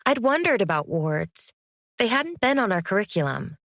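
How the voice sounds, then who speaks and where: A woman narrating a first-person fantasy audiobook in an even, measured storytelling manner. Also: medium pitch, no room sound, clean studio sound.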